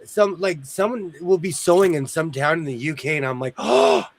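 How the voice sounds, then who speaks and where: A man's voice: a little high, fairly quick. A man chatting casually on a video stream, telling stories and joking. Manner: animated storyteller, jokey. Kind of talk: casual chat.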